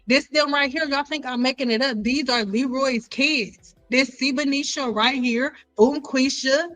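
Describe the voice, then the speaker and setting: A woman hosting a hair care live stream, joking around in a playful, animated way and repeating lines for effect. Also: high-pitched, low-quality recording.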